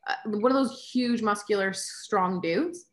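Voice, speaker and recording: A woman's voice: mid-range voice, a little slow. A woman in her late thirties, a yoga teacher and single mother, chatting casually and telling candid stories, acting out her own thoughts. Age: 30s. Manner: candid, storytelling, acts out her own inner voice. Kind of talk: casual conversation.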